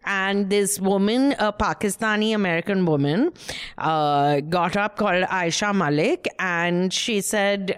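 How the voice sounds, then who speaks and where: A woman's voice: medium pitch, measured pace, clear, resonant tone. A woman co-hosting a podcast, chatty and laughing often, with frequent fillers. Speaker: podcast co-host. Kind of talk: casual chat.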